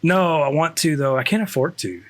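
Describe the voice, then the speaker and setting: A man's voice: a little high, normal speed, slight background noise. A man, a school district network specialist, chatting casually with many restarts and fillers. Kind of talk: casual chat.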